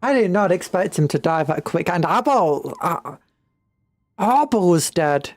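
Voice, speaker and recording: A woman's voice: lowish voice, animated, unhurried, a little mellow, no room sound. A woman from Britain streaming a strategy game, chatting playfully and humming to herself.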